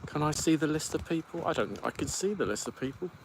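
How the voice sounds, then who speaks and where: Reading viewer comments aloud, a UK podcast host rambles casually on his live stream. He speaks fast in a fairly high, expressive voice with vocal fry, and the background is noisy.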